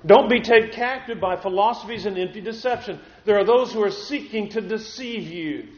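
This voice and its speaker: Casting: earnest preacher, man, slightly high voice, roomy church sound on a dull lo-fi recording. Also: normal speed. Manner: earnest, repeats words as he builds points. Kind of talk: sermon. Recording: echoey room, dull lo-fi sound.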